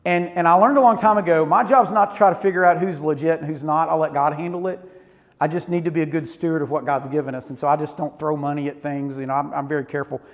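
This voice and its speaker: A man in his forties preaches to students with a high-pitched voice and animated storytelling. His sermon rings with the long reverb of a church hall. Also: quick pace. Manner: animated storytelling with Southern "y'all". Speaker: youth pastor. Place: church auditorium.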